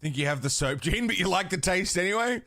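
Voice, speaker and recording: Chatty, lively-voiced man streamer. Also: sits high, fast, dry recording, studio quality. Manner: chatty, swears casually, laughs often. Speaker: livestream host. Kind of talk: casual chat with stream chat.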